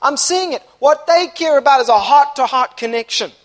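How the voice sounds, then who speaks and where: A young male preacher with a strikingly high voice delivers a sermon at a church service. He moves between soft, low stretches and passionate shouted peaks. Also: moderate pace. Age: young adult. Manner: impassioned, swinging from quiet to shouting.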